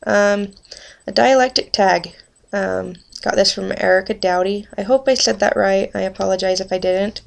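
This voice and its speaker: A woman's voice: mid-range voice, normal speed, gravelly. A woman in her twenties from Utah with a rural Utah accent, talking casually to the camera for a dialect tag video, chatty and full of ums and self-corrections. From Utah, USA. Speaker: vlogger.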